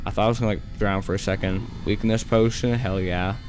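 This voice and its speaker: A young gaming YouTuber with a lowish, steady, slightly mellow voice gives casual let's-play commentary on a horror game over soft background music. He is chatty and slangy, talks to the creatures on screen, and yelps and rushes when frightened.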